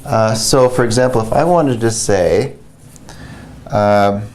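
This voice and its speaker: A low-pitched man gives a beginner language lesson at an unhurried pace. He explains patiently and conversationally, pausing with fillers as he works through examples. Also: darkish tone. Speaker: French teacher.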